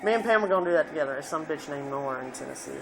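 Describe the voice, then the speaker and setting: A man's voice: a little high, expressive, rapid-fire, vocal fry, crowd noise, rough recording. Man rambling through a profane story. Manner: rambling and profane, full of "you know" fillers. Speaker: vlogger. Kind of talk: casual storytelling chat.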